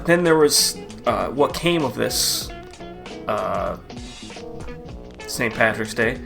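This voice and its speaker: A man riffing in a crude, casual comedic rant, laughing often and jumping into loud mocking impressions. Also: medium pitch, lively intonation, takes it slowly, vocal fry, music in the background. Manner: profane, laughing, swings into loud mock quotes. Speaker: comedy commentary host.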